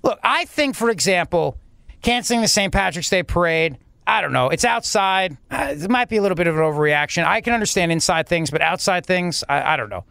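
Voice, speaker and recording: High-voiced indignant radio host man. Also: lively intonation, fairly quick, creaky, bright, forceful tone, clear, resonant tone, no echo. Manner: indignant, rambling, many restarts. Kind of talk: talk radio commentary. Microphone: studio mic.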